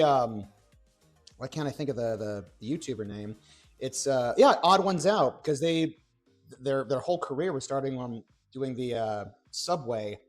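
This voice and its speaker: A young man chatting on a cooking livestream, rambling and excitable, with playful exclamations and restarts. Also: medium pitch. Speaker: streamer. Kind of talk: casual cooking livestream chat. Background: faint background music.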